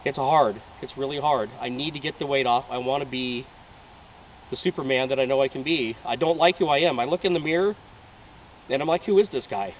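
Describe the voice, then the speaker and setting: A man's voice: mid-range voice, steady tone, brisk, slight background noise. Earnest man filmed from a distance. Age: 30s. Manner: emotional, heartfelt. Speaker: reality show applicant. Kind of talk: earnest personal appeal. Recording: distant, dull home video audio.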